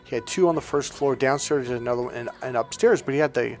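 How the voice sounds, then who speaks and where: A man's voice: medium pitch, fast talker, faint music behind. A middle-aged man, a life coach, telling a personal story in casual, chatty monologue and acting out the dialogue. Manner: chatty, retells dialogue with lively shifts, swears casually.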